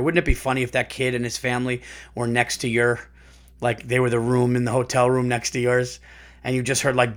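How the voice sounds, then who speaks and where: A man hosting a podcast, reading a listener's story aloud and reacting in casual, profane, animated chat. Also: medium pitch.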